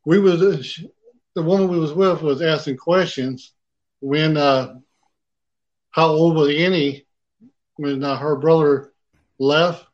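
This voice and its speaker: Higher-voiced man with colloquial speech. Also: steady tone, slow, pauses often, muffled recording. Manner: plain, colloquial speech with nonstandard grammar. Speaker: paranormal investigator. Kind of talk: casual storytelling.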